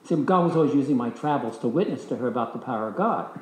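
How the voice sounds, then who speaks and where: An older man teaching a discipleship class, telling a personal story in a lively, anecdotal way and voicing the people in it. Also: mid-range voice, fast, a little hiss or hum. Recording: echoey hall.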